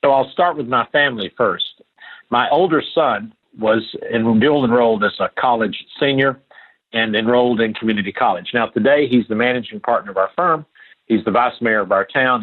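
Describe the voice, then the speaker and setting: An older man with a husky, breathy voice that comes through a thin, phone-like line. He speaks earnestly and with emphasis, repeating key phrases as he tells personal stories in an interview. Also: mid-range voice. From Appalachia. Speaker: podcast guest. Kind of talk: storytelling interview talk.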